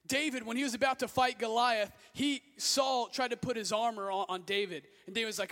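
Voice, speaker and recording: High-voiced youth pastor preaching in a hall. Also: male voice, a little fast, few pauses. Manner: energetic, exhorting, shouts often. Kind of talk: sermon. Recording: echoey hall.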